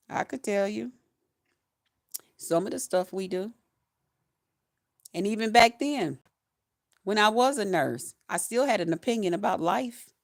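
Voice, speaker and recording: A retired nurse in her fifties vents in a profane YouTube vlog, her voice high-pitched. She's blunt and swears freely, chanting the same phrases over and over.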